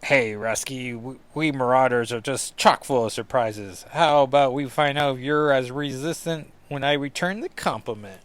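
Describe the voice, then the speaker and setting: A man's voice: medium pitch, normal speed, few pauses, clear, resonant tone, natural voice. A man voicing a cocky male villain, reading his mocking taunts. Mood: taunting.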